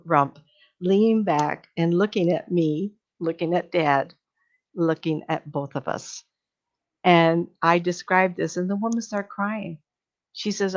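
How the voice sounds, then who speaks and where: An older woman speaks to a live audience as a medium, wandering from one story to the next and acting out the voices of the people in them. Her voice sits low for a woman, and she often breaks into laughter. The recording sounds dull and lo-fi. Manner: chatty, meandering storytelling with laughs and acted-out quotes.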